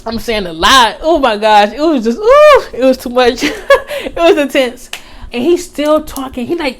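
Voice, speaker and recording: High-voiced young woman telling a storytime. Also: a little slow. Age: young adult. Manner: animated, slangy, reenacts quotes loudly. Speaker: vlogger. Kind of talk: casual storytime.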